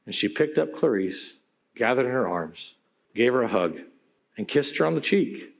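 A man preaching a sermon, telling stories in an animated, conversational way that swings between loud and hushed. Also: medium pitch, normal speed, gravelly. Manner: conversational, with asides to the audience.

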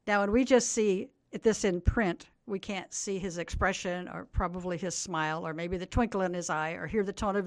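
Older woman, Bible teacher, earnest explainer, mid pitch, dry close sound. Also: no room sound. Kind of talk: radio interview, storytelling.

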